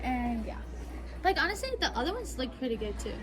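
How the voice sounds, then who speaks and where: A young woman co-hosting a casual vlog, chatting and telling stories with quick asides. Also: sits high, very animated. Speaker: vlog co-host. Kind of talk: casual storytelling chat.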